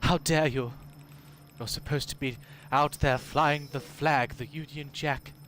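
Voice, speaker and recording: A man putting on a melodramatic, mock-offended Englishman with an English accent, shouting in theatrical indignation. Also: fairly high pitch, fairly even intonation, a little slow, slight background noise, pitched above the performer's own voice. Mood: indignant.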